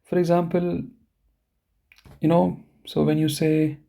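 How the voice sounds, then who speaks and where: A man's voice: fairly high pitch, level tone, creaky, mellow. A man teaching a live online language lesson, explaining step by step and often checking in with the learners. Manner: slow, deliberate pronunciation of example words. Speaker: German teacher.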